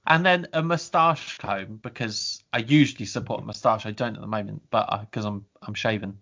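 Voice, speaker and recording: A man's voice: lowish voice, brisk, creaky. A man hosting a podcast in loose, casual chat. He talks freely and laughs often as he goes. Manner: chatty, laughs often, self-described softie. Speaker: podcast host.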